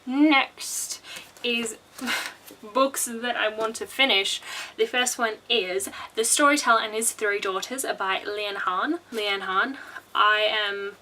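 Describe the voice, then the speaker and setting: Woman book vlogger, chatty and bubbly, bright higher voice, casual monologue. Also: fairly even intonation, slow pace, slight background noise, low-quality recording. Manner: chatty, bubbly, with laughs and restarts.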